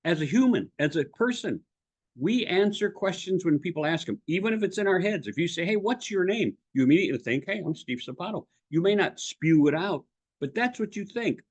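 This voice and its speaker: A middle-aged man giving direct-to-camera advice as a presentation coach, emphatic and animated, often asking the viewer questions. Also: sits high, fairly quick.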